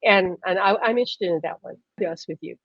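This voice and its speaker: A woman hosting a live stream, telling stories in a lively, casual way and laughing often. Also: fairly low pitch, quick pace, dry recording. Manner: animated storyteller, laughs often. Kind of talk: casual chat. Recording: dull lo-fi stream audio.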